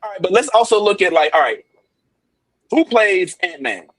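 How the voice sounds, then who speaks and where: A man hosting a casual podcast chat, animated and joking, swearing freely. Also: high voice, normal speed. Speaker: podcast host.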